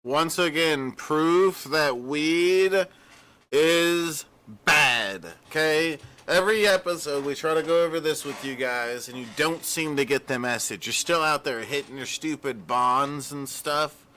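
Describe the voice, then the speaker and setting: A man's voice: fairly high pitch, moderate pace, few pauses, pushed and bright. A man hosting a casual commentary show, talking in a sarcastic, joking way. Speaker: host.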